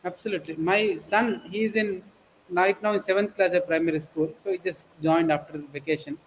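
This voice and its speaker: A middle-aged man speaking softly and hesitantly, with many pauses and fillers. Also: sits high, fairly even intonation, a little hiss or hum, rough recording.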